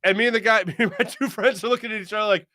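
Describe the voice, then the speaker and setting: A man in his late thirties, a sports show host, telling a story in a casual, animated way, laughing often and acting out the quotes. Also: high voice, very fast, no room sound, studio quality.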